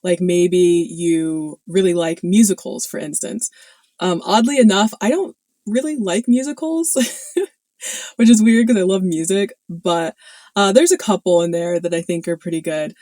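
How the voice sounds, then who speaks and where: A video host chats casually to camera with her viewers, filling her talk with fillers and little laughs. Her voice is fairly low, mellow, and a little slow, with no echo.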